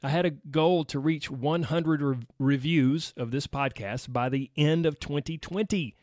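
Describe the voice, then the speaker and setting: A man's voice: a little high, a little slow, darkish tone, no room sound, studio quality. A man with a Southern US accent hosting his own weight loss podcast, chatty and upbeat, talking straight to his listeners. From United States. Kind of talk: solo podcast monologue.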